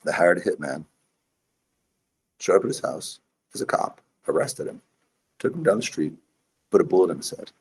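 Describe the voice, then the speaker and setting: A man's voice: sits low, big pitch swings, moderate pace, pauses often, slight background noise. A man, a priest and investor, telling his story intensely as a guest in a podcast interview.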